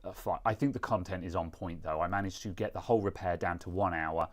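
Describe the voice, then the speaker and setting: A man's voice: low voice, quick pace. A British man hosting a live stream, chatting casually in a rambling, self-mocking way. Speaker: streamer host.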